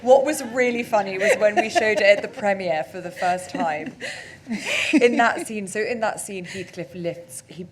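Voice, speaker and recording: A woman's voice: mid-range voice, moderate pace, a crowd in the background. A woman film director talking in an on-stage interview, chatty and self-deprecating, with lots of fillers. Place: on stage at a cinema talk event.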